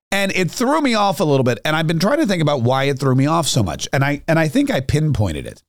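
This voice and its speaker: A man's voice: a little high, sing-song, fast talker, few pauses, no room sound, studio quality. A middle-aged man hosting a talk show, telling a rambling, self-mocking story in a casual monologue. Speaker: radio talk show host.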